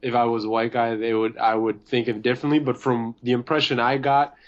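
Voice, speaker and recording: A young man who is a podcast guest, talking in a relaxed, easygoing way with plenty of hesitations. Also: mid-range voice, fast talker. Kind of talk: casual chat. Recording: slightly dull, lo-fi sound.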